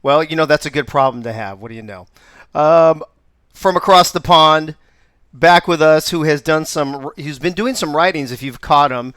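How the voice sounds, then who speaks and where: Male host, smooth voice, dry close sound, upbeat and joking. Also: fairly high pitch, moderate pace, fairly bright tone, no room sound. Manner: upbeat, joking, laughs often. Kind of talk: live show hosting.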